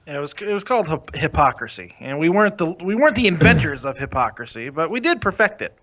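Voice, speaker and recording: A man's voice: fairly high pitch, big pitch swings, fast talker, pushed and bright. A man co-hosting a live stream in casual chat, trading sarcastic, joking banter. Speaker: co-host.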